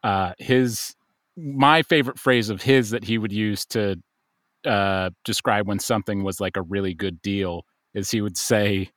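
A man telling stories in casual podcast chat, unhurried with many fillers. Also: fairly low pitch, fairly bright tone, no room sound, studio quality. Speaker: podcast guest.

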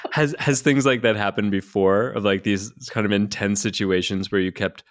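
A man hosting a podcast conversation, speaking in a reflective, calm way. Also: fairly low pitch, moderate pace, no room sound.

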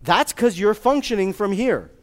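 Man, fairly high voice, joking motivational speaker, quizzes the audience, long hall reverb. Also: normal speed. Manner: energetic, joking, quizzes the crowd. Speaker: speaker addressing a live audience. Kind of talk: live motivational talk.

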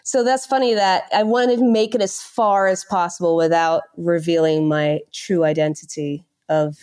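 Lively, laughing Dutch-born woman. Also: lowish voice, normal speed, clear, resonant tone. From Netherlands. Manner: animated, laughing storyteller. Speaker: podcast guest. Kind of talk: casual interview chat.

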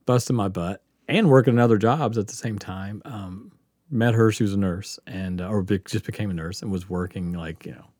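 A man, a podcast host telling a story in casual chat, animated and profane, laughing often and acting out quotes. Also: lowish voice, brisk, no echo, studio quality. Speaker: podcast host answering questions.

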